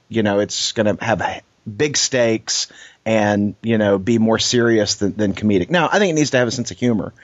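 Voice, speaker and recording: A man's voice: medium pitch, dry recording. A man co-hosting a casual chat, a bit pedantic and fond of correcting details. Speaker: podcast co-host. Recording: dull lo-fi sound.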